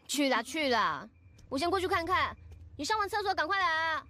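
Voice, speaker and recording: A high-voiced college girl in a game who shrugs everything off, brisk and lively. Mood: dismissive. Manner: dismissive, brisk. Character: skeptical, brisk young female college student. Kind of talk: game voice acting.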